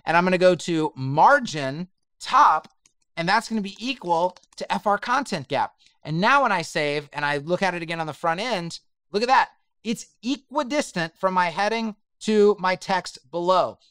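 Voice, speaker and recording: A man's voice: sits high, lively intonation, normal speed, a bit bright, clear, resonant tone, no echo, studio quality. A man giving a chatty, emphatic screen-share web design tutorial and speaking straight to his viewers.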